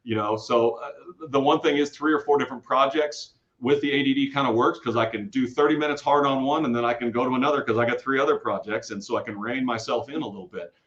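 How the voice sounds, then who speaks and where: A man from the Kansas City area, a guest storyteller telling rambling, animated stories with many restarts in a casual interview. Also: medium pitch, fast talker. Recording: dull lo-fi audio.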